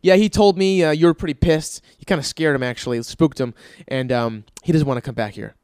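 A man's voice: on the high side, a little fast, a little mellow, clean tone, dry recording, clean studio sound, natural voice. A man voicing a glib male car salesman who talks in a casual, offhand tone.

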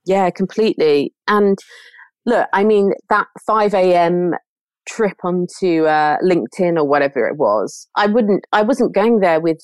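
A woman's voice: fairly low pitch, lively intonation, measured pace, dry recording. A woman speaking as a podcast guest in a casual chat, earnest and reflective, often restarting her sentences.

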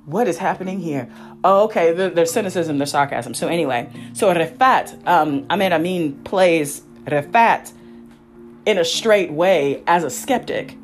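Low-voiced woman, rambling podcast host. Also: lively intonation, unhurried, faint music behind. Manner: rambling, self-interrupting, chatty asides. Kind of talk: casual solo review chat.

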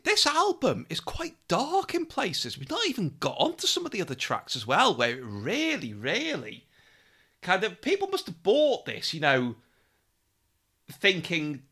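A man co-hosting a casual chat about old comedy records, animated and laughing often. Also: on the high side. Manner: animated, laughs often, quick asides and impressions. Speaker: podcast co-host.

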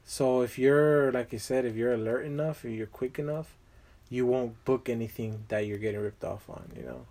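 A man's voice: mid-range voice, normal speed, mellow. A young man chatting casually as a guest, rambling with lots of fillers and slang. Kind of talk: casual chat.

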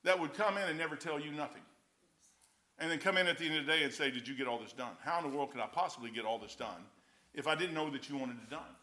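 Bright high-voiced older male preacher. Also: fast talker. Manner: rambling folksy anecdotes, says "man" often. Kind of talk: storytelling sermon.

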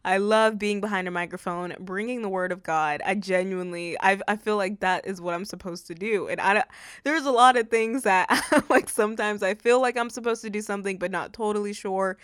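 Young woman, faith podcast host, emotional and chatty, smooth clear voice, dry close mic. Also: medium pitch, a little fast, a bit bright, no echo. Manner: emotional, chatty, many fillers. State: teary. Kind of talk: faith-based podcast talk. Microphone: studio microphone.

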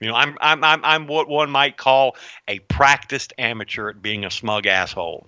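A man's voice: mid-range voice, moderate pace, bright, forceful tone, no room sound. A man co-hosting a podcast in casual chat, rambling, self-mocking and swearing freely. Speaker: podcast co-host. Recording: dull, lo-fi sound.

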